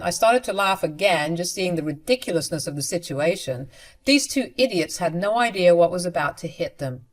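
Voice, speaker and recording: Brief: female storyteller with a lowish voice, confident, mocking edge. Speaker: narrator. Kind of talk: first-person story narration.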